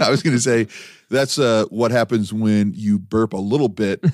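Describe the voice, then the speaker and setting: A man's voice: lowish voice, normal speed, a little mellow, dry recording. A man hosting a comedy podcast, playing clips and mocking them with dry, sarcastic asides. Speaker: podcast host.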